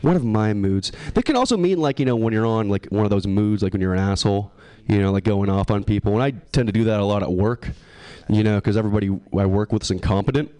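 A man's voice: on the low side, fast, dark tone, smooth. A man in his twenties doing a stand-up set at an open mic. He swears a lot, mocks himself and rambles off into asides. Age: 20s. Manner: profane, self-deprecating, rambling asides. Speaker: stand-up comedian. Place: open mic comedy show.

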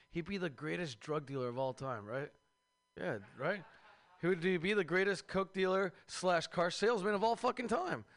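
A man's voice: a little high, a bit bright. A man in his thirties from the Seattle area doing a crude, rambling stand-up comedy set. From Seattle area, USA. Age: 30s. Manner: crude, rambling, profane jokes with "man" and "you know".

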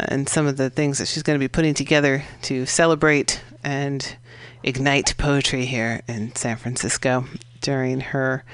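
A woman radio host talks casually through a recap of her show, rambling and full of fillers. Her voice is smooth and clear. It sits close and dry on a studio mic. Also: low voice, a bit bright, dry recording. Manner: chatty, rambling with many fillers.

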